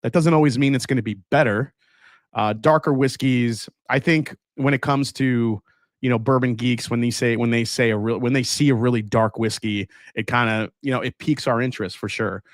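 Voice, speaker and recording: Casual male livestream host, relaxed and chatty, dry close mic. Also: medium pitch, normal speed, no room sound. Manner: relaxed, chatty, many fillers and restarts. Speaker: livestream host tasting whiskey. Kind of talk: casual live chat reading viewer comments.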